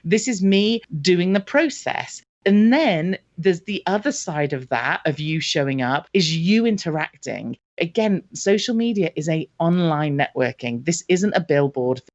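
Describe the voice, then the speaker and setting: A woman's voice: low voice, normal speed, hardly any pauses. A woman, a marketing expert guest, talking casually and acting out example conversations as she explains. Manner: lively storytelling, acts out conversations. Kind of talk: casual interview talk. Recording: dull lo-fi audio.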